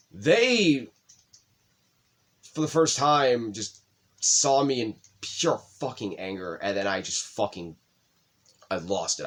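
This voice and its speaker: A young man co-hosting a casual chat, telling a personal story with swearing, his voice rising when stirred up. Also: on the low side. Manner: emotional, swears often, voice rises when excited. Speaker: podcast co-host.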